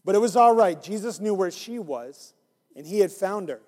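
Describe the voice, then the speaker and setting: Reading to children as their minister, a man with a high voice moves at a moderate pace through an interactive Bible story. He coaxes them to join in with animated energy. The audio carries a long hall reverb.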